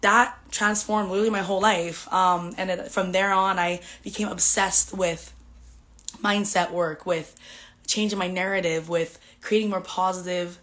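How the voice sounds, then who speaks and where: A woman's voice: lowish voice, steady tone, normal speed, a bit bright. A woman hosting a podcast, telling a personal story in a candid, emotional, chatty way with lots of "like" fillers. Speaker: podcast host.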